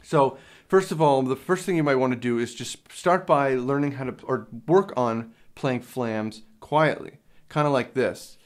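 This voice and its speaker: Young guy walking you through a drum lesson, mid-pitched voice, plain and patient, some uhs. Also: a little slow. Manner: plain step-by-step explaining with fillers. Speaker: drum teacher. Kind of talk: instructional lesson. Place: drum studio. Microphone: handheld field recorder.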